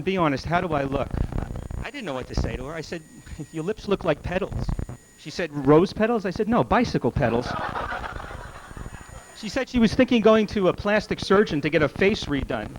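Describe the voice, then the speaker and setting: A man's voice: sits high, sing-song. A man doing a stand-up comedy set on a club stage, firing off one-liners and briefly putting on voices for the people in his jokes. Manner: rapid one-liner delivery, quick voices for characters in the jokes. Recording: noisy old club video recording.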